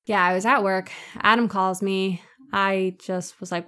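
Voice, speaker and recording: A woman tells a story in a blunt, brash way, acting out what people said. Her voice sits at a middle pitch and her tone is casual. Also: fairly even intonation, unhurried, bright, forceful tone. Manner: blunt, brash, acts out quotes. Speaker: interviewee, sister.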